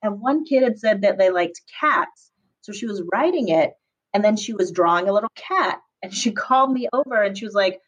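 A woman's voice: mid-range voice, lively intonation, normal speed. Chatty teacher woman, fillers, dull audio. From Southern California. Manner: chatty, laughs often, many fillers. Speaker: public school teacher, podcast guest. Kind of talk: casual interview answers.

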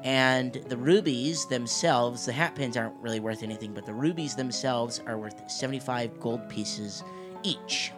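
A man narrates as the game master of a tabletop session. He talks in a relaxed, halting way at a middle pitch, often breaking into laughter. Soft background music plays underneath. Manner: chatty, laughing, halting with fillers.

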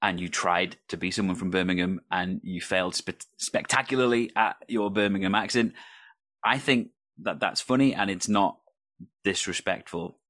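A man talking thoughtfully in a casual podcast chat about improv, measured, with the odd restart. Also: low voice, a bit bright, no room sound. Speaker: podcast co-host.

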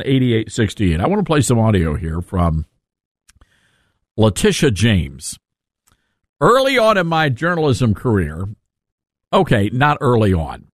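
A man's voice: on the high side, dry recording, studio quality. A man hosting a talk radio show, joking and self-mocking as he talks. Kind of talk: casual talk radio monologue.

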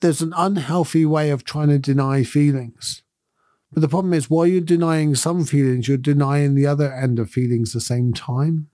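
Man, middle-aged, slightly high voice, reflective monologue, earnest, conversational. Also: fairly even intonation, moderate pace, warm tone, no room sound, studio quality. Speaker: podcast host.

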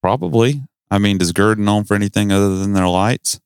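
A man's voice: fairly low pitch, brisk, gravelly, clean tone, no room sound, studio quality. A middle-aged man from the North Carolina mountains with a Southern accent, co-hosting a podcast in joking, rambling casual chat. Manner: joking, rambling, self-deprecating. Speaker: podcast co-host.

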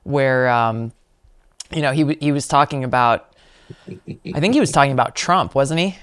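A male host in a casual interview, relaxed and agreeable, thinking aloud as he speaks. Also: mid-range voice, moderate pace, clean tone, no echo. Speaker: podcast host.

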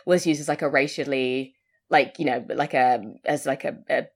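A woman's voice: rumbling low, normal speed. A woman hosting a podcast, chatting casually about films, laughing often and swearing now and then. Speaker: podcast host. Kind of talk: casual film discussion.

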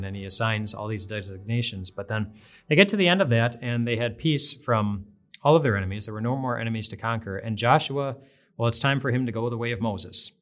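A man's voice: medium pitch, brisk, a bit bright, soft background music. A man giving an earnest, conversational devotional Bible talk, repeating phrases for emphasis. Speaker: devotional speaker.

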